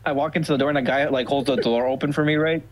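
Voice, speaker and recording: A man's voice: medium pitch, fairly even intonation, racing, heavy background noise. A man telling a comedic story on a podcast in a rambling way, restarting sentences and swearing a lot. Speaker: podcast co-host.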